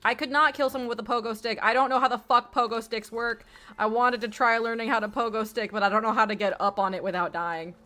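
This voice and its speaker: A woman's voice: on the high side, fairly even intonation, quick pace, pushed and bright. A young woman streaming a video game from home, rambling in casual, self-deprecating commentary full of swearing and laughter. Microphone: streaming mic with webcam.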